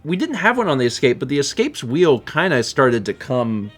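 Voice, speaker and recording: A man's voice: medium pitch, big pitch swings, moderate pace, faint music behind. A man streaming a video game, chatting casually and rambling with frequent self-corrections. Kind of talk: casual gameplay chat.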